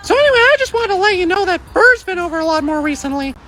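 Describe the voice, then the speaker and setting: A young woman voicing a nervous, sarcastic teenage son who talks fast and flustered. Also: very high-pitched, animated, a bit bright, pitched above the performer's own voice. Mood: exasperated.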